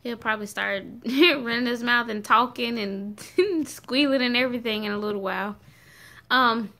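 A woman's voice: on the high side, normal speed, bright, forceful tone. A woman who teaches sixth grade, talking casually in a faith-based vlog from a car, laughing often and acting out anxious voices. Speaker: vlogger and teacher.

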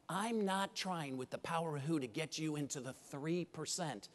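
A man giving a motivational keynote speech at a conference, an animated storyteller who addresses the audience directly. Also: a little high, moderate pace. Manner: animated storyteller, acts out dialogue. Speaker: keynote speaker. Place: large conference hall. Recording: reverberant hall.

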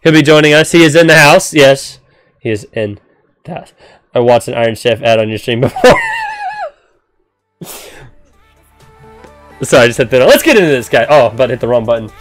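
A man's voice: mid-range voice, big pitch swings, a little fast, long pauses, a bit bright, dry recording, soft background music. A man hosting a casual game live stream, chatty and upbeat, greeting viewers by name and explaining with frequent "um"s. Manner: frequent "um" fillers while explaining.

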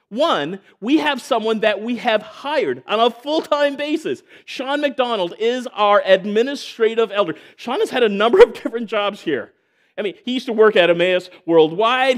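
Guy with a pretty high voice preaching, chatty and jokey, church elder vibe. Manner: conversational, joking asides. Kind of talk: sermon.

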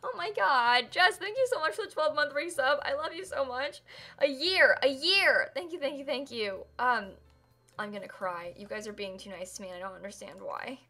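A woman's voice: sits high, moderate pace, bright, forceful tone. A young woman live-streaming a game build, chatting casually and laughing often as she thanks viewers. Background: faint music and keyboard typing.

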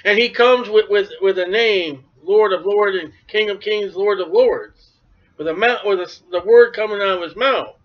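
A man's voice: high-pitched, normal speed. A man preaching a sermon, talking animatedly and acting out the voices of biblical figures. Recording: dull lo-fi recording.

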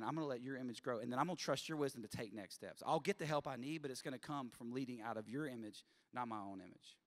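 A man in his thirties, a college president preaching at chapel, telling stories in an animated way and jumping loud and high for humor. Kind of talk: sermon with storytelling. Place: large chapel auditorium. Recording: long hall reverb.

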